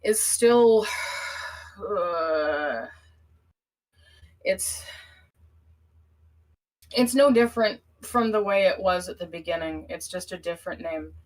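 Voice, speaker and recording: A woman calls into a live stream, speaking earnestly and haltingly. Her breathing is shaky with panic as she talks. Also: fairly low pitch, poor audio. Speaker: caller. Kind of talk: emotional call-in conversation.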